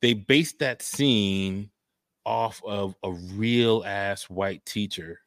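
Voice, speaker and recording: A man co-hosting a podcast, telling stories in a relaxed, slangy way over a video call. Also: lowish voice, dry recording. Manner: relaxed, drawn-out storytelling with slang. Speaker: podcast co-host. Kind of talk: casual chat.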